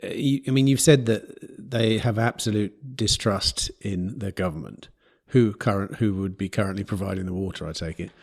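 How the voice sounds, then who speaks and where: A male podcast host with a fairly low voice who questions his guest closely. He teases and pushes back bluntly in a casual interview. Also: normal speed, breathy edge. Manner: probing, teasing, blunt.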